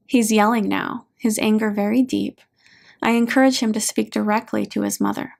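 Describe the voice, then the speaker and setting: A woman, an author and hypnotherapist, reading her own book aloud in a calm, matter-of-fact way. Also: a little high, a little slow, creaky.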